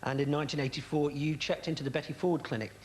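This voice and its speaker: Quick, bantering male TV interviewer. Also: a little high, fairly even intonation, slight background noise. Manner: quick, bantering, amused questioning. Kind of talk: broadcast interview questions.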